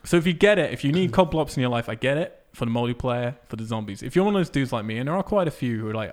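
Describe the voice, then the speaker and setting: A man rants in a loose, conversational way, swearing freely and laughing through his complaints. His pitch sits right in the middle for a man. He sounds like one regular voice trading jokes with friends on a casual chat show. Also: racing, few pauses. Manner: animated, profane ranting with laughs.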